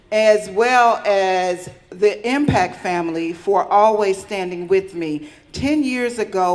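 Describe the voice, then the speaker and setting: Chatty woman giving an acceptance speech. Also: mid-range voice. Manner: candid, chatty, with fillers. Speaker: award recipient.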